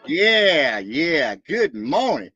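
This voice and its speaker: A man live-streaming from a truck stop, rambling excitedly and cursing loosely while shouting out his viewers. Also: a little high, very slow, dull audio, faint music behind. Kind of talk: casual rambling livestream chat.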